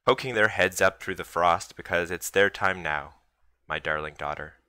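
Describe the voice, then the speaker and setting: A man's voice: sits low, normal speed, sharp tone, clear, resonant tone, no room sound. A man reading a teasing, sick father who speaks in grand mock-solemn poetry.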